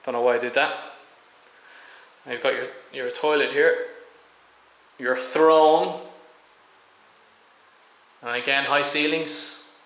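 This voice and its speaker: The speaker, an Irish vlogger, shows viewers around a house for sale on a tropical island, wandering room to room with some rambling, ums and restarts. His mid-range voice is fairly even, at normal speed with frequent pauses, sounding pushed and bright on a rough recording.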